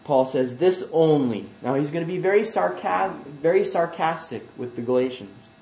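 A man preaches a sermon in a high voice. He drops to quiet asides, then rises loud and emphatic when he reads scripture. The sound rings through an echoey church hall. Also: normal speed, gravelly.

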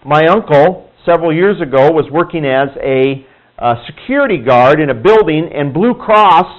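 A male Bible teacher talks to his class in a relaxed, conversational way. His somewhat high voice rises and falls a lot as he acts out the people in his stories. The recording sounds muffled and lo-fi. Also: moderate pace. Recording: dull lo-fi room recording.

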